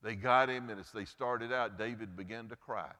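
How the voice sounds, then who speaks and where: Pastor guy preaching earnest, lowish voice, big swings up and down, echoey church hall. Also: normal speed, sharp tone. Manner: earnest preaching, pitch and volume rising and falling for emphasis. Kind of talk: Mother's Day sermon and closing prayer. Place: church sanctuary.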